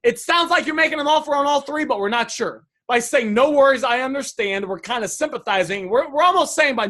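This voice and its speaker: A man's voice: very high-pitched, fairly bright tone. A man coaching viewers on sales messages, enthusiastic and repetitive, often addressing them as guys.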